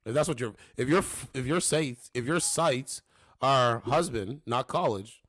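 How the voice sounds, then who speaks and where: A man's voice: mid-range voice, fairly bright tone, no room sound. Mocking man with a dry close mic. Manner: mocking, trash-talking, drawn-out taunts. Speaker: livestream host. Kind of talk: casual livestream commentary.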